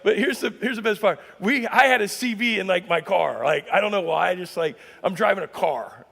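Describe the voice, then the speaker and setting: A male pastor preaching a sermon, telling stories in a chatty way and swinging between loud punchy asides and low quiet emphasis. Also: creaky. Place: church sanctuary. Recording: large church hall reverb.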